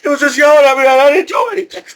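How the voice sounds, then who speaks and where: Middle-aged man, high voice, loose rambling storyteller who laughs between lines. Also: racing. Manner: rambling, repeats and restarts, laughs often. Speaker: veteran telling his story. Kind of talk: casual storytelling.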